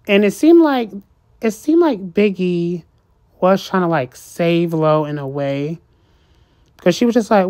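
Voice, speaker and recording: A woman's voice: medium pitch, measured pace, a little mellow. A woman giving a sassy, casual recap of a reality show, acting out the cast's lines in changing voices and laughing often.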